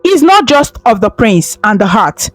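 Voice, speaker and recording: A woman's voice: on the high side, sing-song, unhurried, dry recording, soft background music. A woman voicing a trembling, tearful confessing woman. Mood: pleading. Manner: trembling, pleading.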